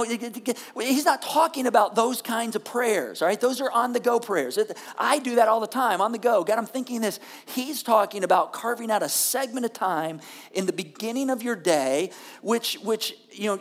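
A woman's voice: medium pitch, big-room sound. A woman pastor preaching a sermon on a church stage, talking in a conversational way with frequent check-ins to the listeners.

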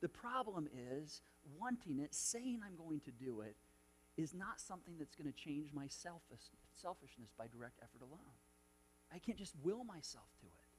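A man's voice: a little high, big pitch swings, moderate pace, slight background noise. A middle-aged male pastor preaching a sermon, telling a personal story with lots of quoted dialogue and restarts.

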